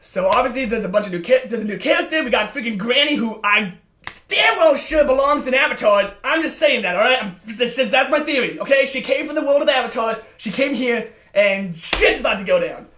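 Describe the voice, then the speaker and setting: A man's voice: very high voice, expressive, fairly quick, sharp tone, a little hiss or hum. Breathless, gushing young man reacting. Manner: gushing, exclamatory, swears freely, stammering restarts. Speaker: show reaction youtuber. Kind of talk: excited reaction commentary. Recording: roomy room, faint music behind.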